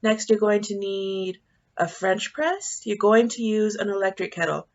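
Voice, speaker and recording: A woman's voice: mid-range voice, fairly even intonation, a little slow, lo-fi sound. A woman talking through a coffee recipe in her home kitchen. She keeps it casual and playful, with self-mocking jokes along the way. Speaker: home cooking vlogger.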